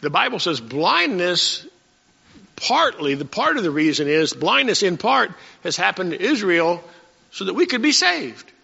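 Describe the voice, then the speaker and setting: A man preaching a sermon to his congregation in a folksy way, often clearing his throat. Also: high voice, big pitch swings, measured pace, sharp tone. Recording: dull lo-fi recording in a long-reverb hall.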